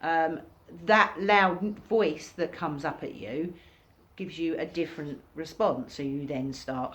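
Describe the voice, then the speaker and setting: A woman giving an informal recorded workshop lesson, talking casually and acting out reactions in sudden high bursts. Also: lively intonation, slow, fairly bright tone. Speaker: workshop teacher.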